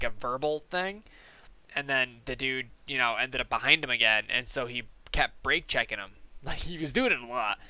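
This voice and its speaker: Young dude ranting a crazy story, super bright crisp voice, lots of cussing and um, like. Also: male voice, mid-range voice, dry recording. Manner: animated, profane, lots of fillers. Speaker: gaming channel host. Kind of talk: casual storytelling.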